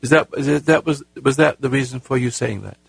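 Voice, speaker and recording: A man hosting a call-in advice show, talking in a halting, earnest way with many repeated words and a raspy voice. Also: mid-range voice, no room sound. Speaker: radio call-in host.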